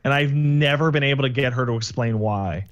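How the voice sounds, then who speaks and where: Canadian dude cohosting a podcast, teasing, swears a lot, kinda muffled mic. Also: male voice, medium pitch, brisk. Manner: teasing, blunt, swears casually. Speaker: podcast co-host. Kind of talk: casual chat.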